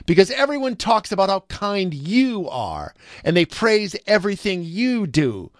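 A man's voice: high voice, big pitch swings, a little slow, no echo, studio quality, pitched above the performer's own voice. A man reading a storybook aloud, voicing a proud, bad-tempered young woman with a haughty, scolding manner. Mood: spiteful.

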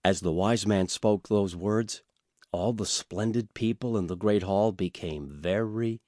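A man reading a storybook aloud in a radio studio, slow and expressive. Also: lowish voice, dry recording. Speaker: audiobook reader.

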